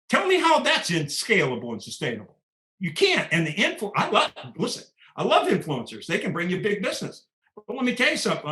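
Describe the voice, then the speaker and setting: A man's voice: sits high, sharp tone. An older man speaking emphatically in a podcast conversation, often tagging his points with "okay?". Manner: emphatic, keeps adding "okay?". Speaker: podcast guest.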